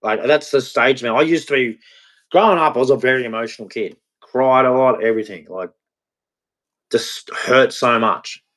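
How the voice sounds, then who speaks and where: A man in a confessional vlog monologue, speaking in a halting, repetitive way and swearing freely. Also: mid-range voice, a bit bright. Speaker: vlogger.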